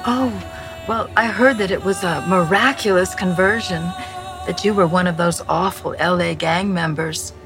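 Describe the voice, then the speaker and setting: An actress playing a naive nun, speaking in a bright, incredulous way in a film clip. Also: female voice, fairly low pitch, moderate pace, natural voice. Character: nun, woman, wide-eyed and naive. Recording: film clip over music.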